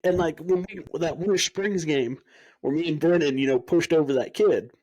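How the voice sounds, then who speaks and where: The recording cuts off the highs on this young man's fairly high, slightly mellow voice, which moves at a normal speed. He's co-hosting a casual podcast, telling energetic stories with acted-out dialogue and frequent swearing.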